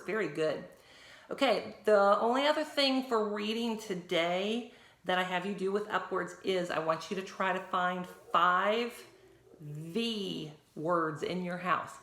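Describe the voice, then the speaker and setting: Woman teacher, a slightly low but bright voice, clear and patient with small children. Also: roomy sound. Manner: slow, clear spelling out of letters for young learners. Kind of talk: recorded reading lesson for children.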